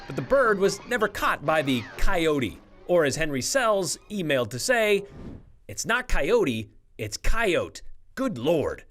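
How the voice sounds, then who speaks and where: A man's voice: on the high side, sing-song, measured pace, fairly bright tone, soft background music. A man presenting a light-hearted scripted news segment in a playful, wry way.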